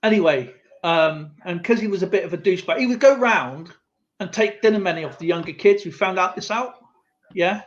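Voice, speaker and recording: A man's voice: sits high, brisk. A man hosting a live stream, telling a rambling anecdote in a casual, chatty way with lots of fillers and asides. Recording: slightly muffled lo-fi stream audio.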